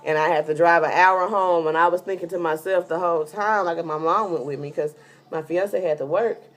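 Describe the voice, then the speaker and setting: A woman with a lowish voice talks through a casual vlog update. She is heavily pregnant and tired, and she rambles chattily with plenty of fillers as she tells her story. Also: steady tone, a little fast. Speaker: vlogger giving a pregnancy update.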